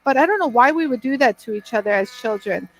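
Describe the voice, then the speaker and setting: A woman's voice: fairly high pitch, lively intonation, quick pace, a bit bright, a little hiss or hum, rough recording. A woman hosting a chatty live demonstration, bubbly and laughing often, greeting viewers by name. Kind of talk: chatty live product demo.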